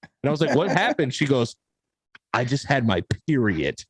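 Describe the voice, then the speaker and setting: A young man co-hosting a podcast, telling family stories in a loose, animated way, acting out quotes and swearing casually. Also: medium pitch, normal speed, slightly rough, no echo. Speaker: podcast co-host. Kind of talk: casual storytelling chat.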